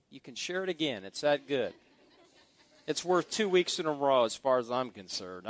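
A man's voice: fairly high pitch, a bit bright, no echo. A middle-aged man preaching a sermon as pastor, reading scripture aloud with exuberant emphasis and folksy asides.

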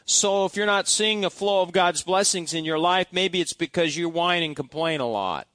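Man, pastor, conversational sermon, high pitch, dry recording. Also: normal speed, fairly bright tone, no echo. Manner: conversational, asks the congregation questions. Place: church.

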